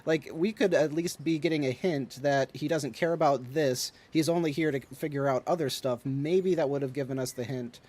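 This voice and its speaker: A man with a slightly raised pitch who talks in a loose, casual way, stringing his thoughts together with plenty of fillers as he reasons out loud. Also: moderate pace, few pauses. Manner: loose conversational, many fillers like "like". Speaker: podcast co-host. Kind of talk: casual discussion.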